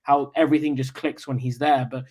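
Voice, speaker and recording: A man's voice: medium pitch, flat delivery, a little fast, a little mellow. A man football fan giving upbeat, confident post-match reaction with a rambling flow.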